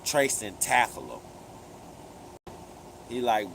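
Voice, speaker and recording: A man hosts a live commentary stream. He talks slowly in a low voice, retelling events with emphatic, profane street slang. A steady air-conditioning hum and noise sit clearly behind him. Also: poor audio. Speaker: livestream commentary host.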